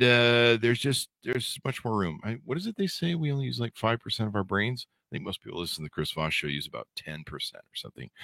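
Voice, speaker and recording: Low-voiced guy hosting a podcast, bounces all over in pitch, dry sound, goofy asides. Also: pushed and bright, dry recording. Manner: jokey, rambling, self-mocking asides. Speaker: podcast host. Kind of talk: casual podcast chat.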